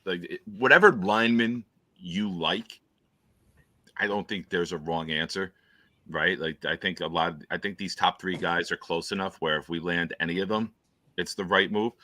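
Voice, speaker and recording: A man's voice: low-pitched, normal speed, pushed and bright, dry recording. A man hosting a casual football talk show, laid-back and joking. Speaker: host. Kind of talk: casual chat.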